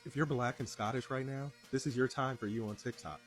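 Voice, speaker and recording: A man from the United States talking upbeat and excited in a casual video monologue. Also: mid-range voice, brisk, music in the background.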